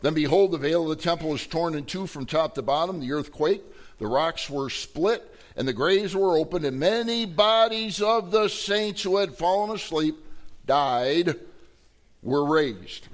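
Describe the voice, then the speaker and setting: A middle-aged male pastor preaching a sermon, telling Bible stories with animated storytelling and acting out quoted voices. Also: on the high side.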